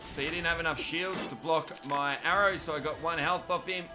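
A man's voice: a little high, steady tone, a little fast, over music. An Australian man giving cheeky live commentary on a video game while joking with viewers by name. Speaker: gaming commentator.

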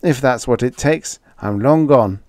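A man's voice: medium pitch, a little slow, darkish tone, no room sound, pitched above the performer's own voice, close to an everyday voice. A man doing a sarcastic, sulky young man. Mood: glum. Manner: sarcastic, dry. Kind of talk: audiobook character voice.

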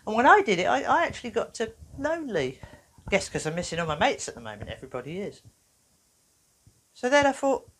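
A woman presenting an educational video for children, talking in a playful, animated way. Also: on the low side, brisk. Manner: animated, playful, acts out little voices.

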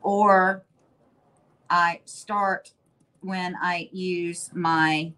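A woman's voice: lowish voice, fairly even intonation, very slow, bright, forceful tone. A woman hosting a live furniture-painting stream, chatting casually and thinking aloud as she works. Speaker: host. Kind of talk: casual demo narration.

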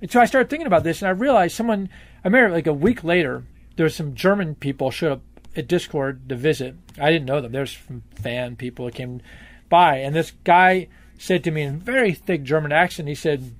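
In a candid conversational interview, a man tells rambling, emphatic stories and swears freely. His voice is a little high, animated, and fast.

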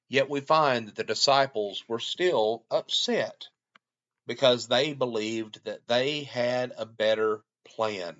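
A man preaching a short devotional, reading scripture and explaining it in a measured way. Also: mid-range voice, a bit bright, highs cut off.

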